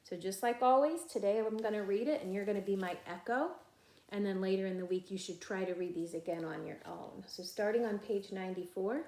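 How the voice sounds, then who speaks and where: A young woman teaching a first grade phonics lesson, patient and clear, stretching out sounds for children to echo. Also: mid-range voice, fairly quick, a little mellow.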